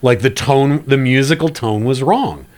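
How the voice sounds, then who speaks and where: A man co-hosting a film podcast, chatting casually with animated asides. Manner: animated, bouncing pitch, quick asides.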